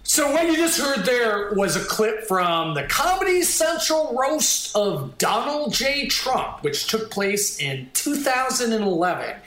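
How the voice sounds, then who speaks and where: A man hosting a podcast in a casual, chatty way, often stopping and restarting his sentences. His voice is high and bright. The room around him sounds echoey. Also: very animated. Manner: halting, lots of restarts, upbeat. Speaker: podcast host.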